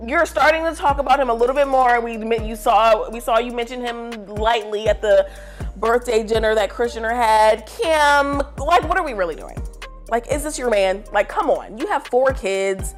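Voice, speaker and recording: Animated gossiping woman vlogger. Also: fairly high pitch, normal speed, faint music behind. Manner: animated, slangy and dramatic, with many fillers. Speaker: vlogger giving pop culture opinions. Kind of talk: casual gossip chat to camera.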